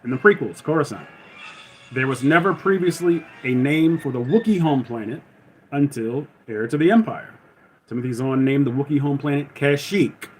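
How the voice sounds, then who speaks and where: On a casual live stream, the male host rambles conversationally and keeps correcting himself. He has a mid-range, slightly mellow voice with lively intonation at a normal pace, and the poor audio carries a bit of hiss or hum.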